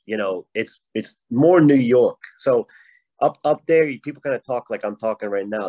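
A man's voice: medium pitch, animated, moderate pace, warm tone, no room sound, low-quality recording. A man from Rhode Island with a Rhode Island accent, a guest author talking casually and rambling with many restarts. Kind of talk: casual panel chat.

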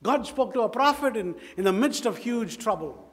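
Indian English male pastor, high voice, emphatic, repeats lines for effect, long church-hall echo. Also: animated, normal speed. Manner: emphatic, repeats phrases, asks the congregation rhetorical questions. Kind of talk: sermon. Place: church sanctuary.

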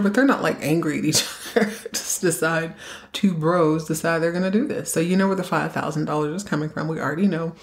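A woman's voice: sits low, steady tone, brisk. A woman hosting a podcast, recapping a TV episode in a chatty, joking way and acting out quotes. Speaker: podcast host.

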